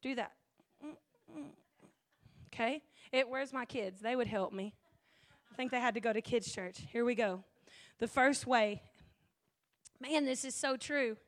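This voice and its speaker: A woman pastor preaching a sermon, emotional and weepy at times, building up to near-shouting passion. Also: on the high side, unhurried, pauses often.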